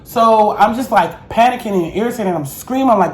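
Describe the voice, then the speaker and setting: A woman's voice: medium pitch, fairly quick, a little mellow. A woman vlogger telling a story time in a blunt, heated, profane way. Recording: roomy echo, faint noise.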